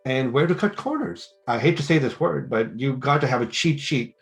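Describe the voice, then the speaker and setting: A middle-aged man, a business school teacher, interviewing and giving advice in a lively way, acting out conversations as he tells stories. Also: mid-range voice, normal speed, gravelly, soft background music. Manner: animated storytelling with quoted dialogue.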